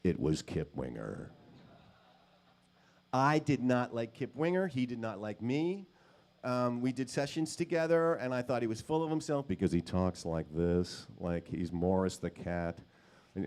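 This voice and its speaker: A guitarist and session musician tells casual, self-deprecating stories at a guitar clinic, full of fillers and acted-out quotes. His voice is lowish, darkish, clear and resonant, and he speaks a bit slowly.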